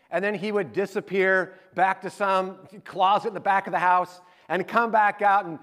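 A pastor in his forties with a high-pitched voice delivers a sermon in a chatty, animated storytelling way. He acts out the quotes as he talks. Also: fairly quick.

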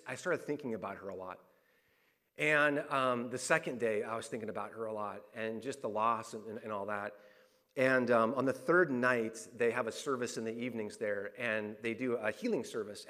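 A man's voice: medium pitch, pushed and bright. Middle aged guy preaching a sermon, candid and personal, says stuff twice for emphasis, normal mid voice. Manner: personal and candid, many restarts and fillers; repeats phrases for emphasis. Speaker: pastor.

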